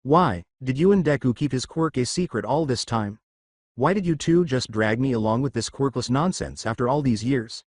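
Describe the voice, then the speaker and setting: A man reading the part of a hot-tempered teenage boy hero, demanding and furious. The pitch swings widely, and the sound is close and dry. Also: animated, normal speed, dry recording, natural voice. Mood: angry. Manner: yelling, demanding.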